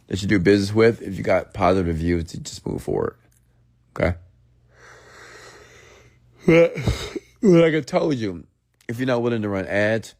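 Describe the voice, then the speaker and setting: Host, male, very low voice, loose unscripted rant, dry close sound. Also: darkish tone, dry recording. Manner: casual, repetitive, peppered with "okay?" and "get it?". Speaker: online marketing host.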